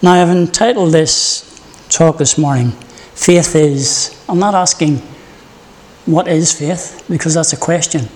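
An earnest preacher delivering a morning sermon and opening it with prayer. The pace is slow and deliberate, at a middle pitch, with short stories woven in. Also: a little mellow, long reverb tail.

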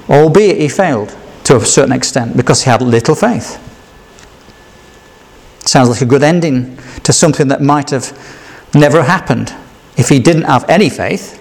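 A man giving a sermon in a conversational way, asking rhetorical questions and acting out the quoted lines. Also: a little high. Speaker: preacher.

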